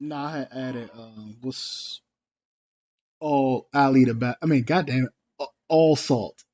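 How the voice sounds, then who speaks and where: A man's voice: mid-range voice, measured pace, darkish tone. A man hosting a casual livestream, talking bluntly and cursing freely. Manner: blunt and profane. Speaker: livestream host. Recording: dull lo-fi stream audio.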